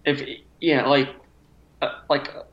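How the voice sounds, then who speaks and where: A man's voice: medium pitch, flat delivery, slow, fairly bright tone. A man co-hosting a casual sports talk podcast, laid-back and rambling with lots of fillers. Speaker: podcast co-host. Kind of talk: casual chat. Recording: dull lo-fi audio.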